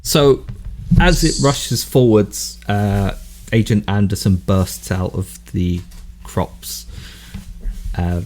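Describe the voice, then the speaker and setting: A man runs a tabletop horror game with a slow, deliberate delivery, pausing often. His voice sits low. A faint hiss runs under the recording. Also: darkish tone. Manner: slow, measured narration with hesitations. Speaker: keeper, narrating the game.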